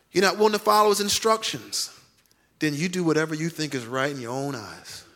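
A man's voice: sits high, sharp tone. A male pastor preaching a sermon emphatically, repeating key lines and acting out quoted voices.

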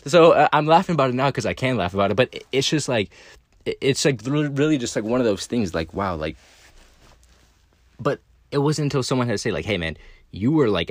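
Young male creator, lowish voice, blunt and profane, loose and rambling, recorded close and dry. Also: no room sound. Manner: blunt and profane, many fillers and restarts. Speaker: video creator. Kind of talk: casual monologue.

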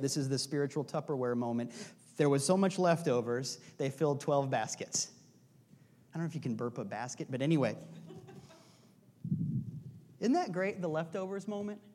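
A pastor preaching a sermon in a conversational, joking way, asking rhetorical questions again and again and sometimes dropping to a soft, hushed delivery. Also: mid-range voice.

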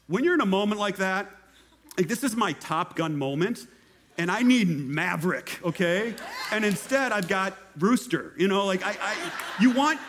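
A young man, a pastor, giving a sermon testimony and acting out the voices of the people in his story. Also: on the high side. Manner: animated storytelling, acts out quoted voices.

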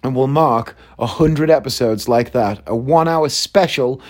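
A man hosting his own podcast in a casual solo monologue. He rambles, thinks out loud mid-sentence and swears freely. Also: mid-range voice, normal speed. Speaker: podcast host.

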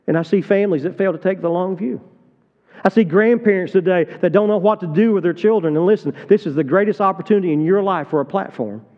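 A middle-aged man preaches with a high, ringing voice, pressing his points hard and then dropping to a hushed, confiding tone. The sound is dull and lo-fi. A long church reverb trails behind every phrase. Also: fast. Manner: impassioned, swings from loud urgent appeals to low tender confiding. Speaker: pastor. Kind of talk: sermon. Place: church sanctuary.

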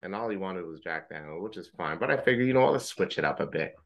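A man co-hosting a podcast, telling animated stories in casual chat, swearing freely and mimicking others. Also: low voice, quick pace, creaky, dull audio. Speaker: podcast co-host.

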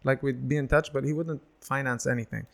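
A young man from the UAE, a guest in a casual chat, telling animated stories and acting out the people in them with laughs. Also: medium pitch, fairly quick, gravelly. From United Arab Emirates. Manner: animated, acts out quoted voices, laughs often.

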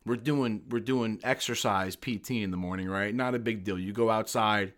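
A man, an army veteran, telling profane, animated stories in a casual chat. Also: on the low side, moderate pace.

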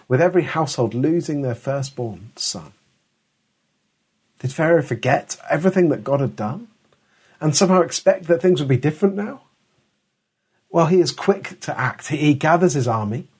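A man's voice: medium pitch, a little mellow, slightly rough. A middle-aged man preaching a sermon in an earnest, emphatic way, often restarting his words.

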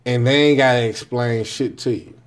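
A man in his forties speaking at a medium pitch and talking straight to the listener about fatherhood. His delivery is blunt and unpolished, with profanity and a habit of tossing in "right?" to check that the listener is following. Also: fairly even intonation, normal speed. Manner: blunt, candid storytelling with constant "right?" check-ins and profanity. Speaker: father sharing parenting views. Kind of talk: casual monologue to camera.

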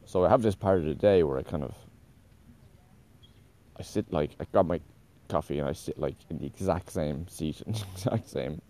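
A man's voice: very deep voice, moderate pace, mellow. A man talking in a casual, meandering monologue, correcting himself often and swearing offhandedly.

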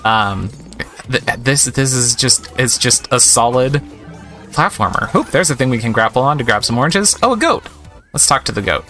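A man's voice: medium pitch, animated, moderate pace, sharp tone, soft background music. A man giving casual, chatty gameplay commentary, amused and thinking aloud as he plays. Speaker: let's-play host.

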